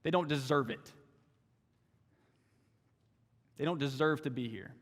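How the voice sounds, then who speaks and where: A man's voice: medium pitch, brisk, fairly bright tone, lightly acted. A man voicing a resentful older brother who complains that it is not fair, in a hall with a long echo. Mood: resentful, aggrieved. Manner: pleading, aggrieved complaints. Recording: long church hall reverb.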